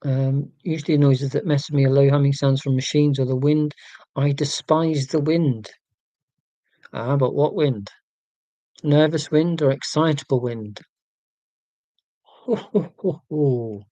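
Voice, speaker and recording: Forties male livestream host, warm and relaxed, casual meandering chat with viewers, wry asides. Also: medium pitch, a little slow, no echo. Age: 40s. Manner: rambling, wry and self-mocking, with many fillers and restarts.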